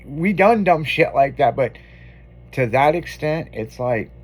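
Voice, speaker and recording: A man's voice: fairly high pitch, expressive, a little slow, slight background noise. A man hosting a radio show, telling a long story in casual, profanity-laden on-air banter.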